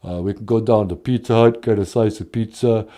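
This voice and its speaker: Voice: medium pitch, brisk, warm tone, natural voice. A performer doing a mumbling tough-guy impression of a washed-up male movie star, drawling. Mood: boastful.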